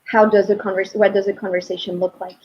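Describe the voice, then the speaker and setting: A woman linguistics professor talking as an interview guest, telling animated stories and quoting her son. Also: mid-range voice, quick pace, highs cut off, slight background noise. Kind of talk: casual interview talk.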